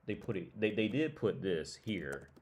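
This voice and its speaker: A man's voice: fairly low pitch, sing-song, normal speed, a little mellow, a little hiss or hum. A man hosting a casual livestream chat, rambling and restarting his phrases as he talks to viewers. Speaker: livestream host. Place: living abroad in Prague.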